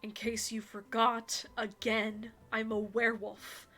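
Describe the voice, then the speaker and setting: A woman's voice: a little high, monotone, slow pace, fairly bright tone, faint music behind, full character voice. A woman voicing a brooding, stern male werewolf in a dating game, with a clipped, dry delivery.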